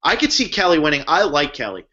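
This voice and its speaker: Young male co-host from New Jersey, emphatic and slangy, slightly high-pitched, muffled audio. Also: very animated, quick pace, pushed and bright. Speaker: podcast co-host. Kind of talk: casual chat. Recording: dull lo-fi recording.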